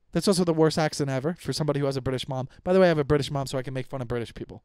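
A man's voice: fairly high pitch, rapid-fire, hardly any pauses, darkish tone, clean tone, no room sound, studio quality. A young man hosting a comedy podcast, ranting casually with heavy swearing and frequent stumbles and restarts. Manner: profane, rambling with many restarts. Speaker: podcast host.

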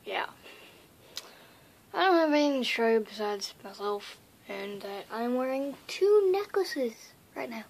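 A woman vlogging casually to camera, hyper and playful, swinging between loud pleas and whispers. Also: on the high side, normal speed, long pauses.

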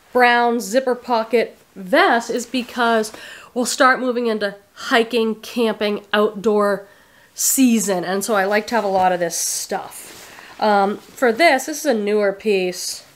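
A woman in her thirties who resells thrifted goods talks to camera at a measured pace in a slightly high voice, cheerfully describing her finds and using "like" often. The haul chat takes place in a thrift store and her car, indoors and out.

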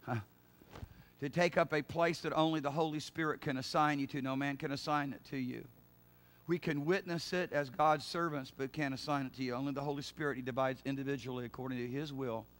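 A male pastor preaching a sermon, repeating his points, laughing and saying hallelujah, and rising to loud fervent cries of prayer. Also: medium pitch, fairly even intonation, fairly quick.

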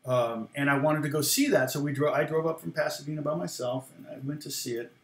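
Quick and steady, a fairly high male voice echoes around the room as he spins a lengthy personal tale. He's a guitar teacher who once led worship, and he rambles, laughs a lot and performs the quoted lines.

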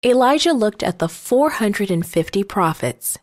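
A woman narrating children's Bible stories in a gentle, measured storytelling manner. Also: mid-range voice, animated.

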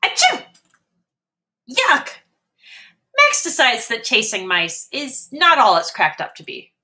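A woman slowly and expressively reading a picture book aloud for young children. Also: a little high. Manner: slow, clear and expressive. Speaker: storyteller.

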